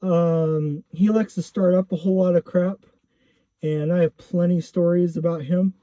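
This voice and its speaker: A man's voice: high-pitched, fairly even intonation, moderate pace, mellow, no room sound. A man casually telling a personal story, rambling with lots of fillers and self-corrections. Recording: dull lo-fi recording.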